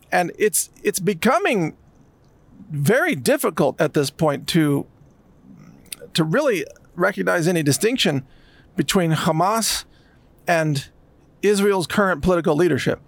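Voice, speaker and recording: A man's voice: high-pitched, dry recording. A man delivering an emphatic, sarcastic commentary monologue. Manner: emphatic, sarcastic, mocks others in put-on voices. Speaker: political commentator.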